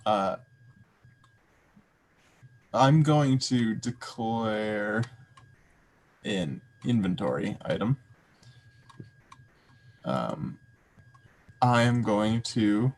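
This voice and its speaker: A man with a lowish voice talks through his moves at a tabletop game, slow and unhurried. He muses aloud with a playful turn. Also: animated, darkish tone. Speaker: player.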